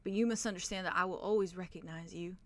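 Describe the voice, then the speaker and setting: A woman voicing a remorseful nobleman who speaks softly and pleads with an old friend in a tabletop game. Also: lowish voice, steady tone, fast talker, natural voice. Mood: pleading. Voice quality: soft, pleading.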